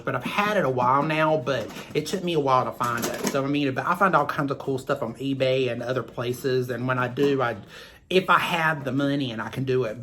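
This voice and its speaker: Background noise sits under a mid-range male voice with a Southern US twang. He's a makeup vlogger rambling chattily through a beauty tutorial, tossing in asides to his viewers.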